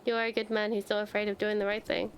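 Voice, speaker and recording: A woman reading aloud the lines of a brisk, businesslike office manager in a game. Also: mid-range voice, flat delivery, slight background noise, natural voice, low-quality recording. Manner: matter-of-fact, businesslike. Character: brisk office manager reviewing a new hire.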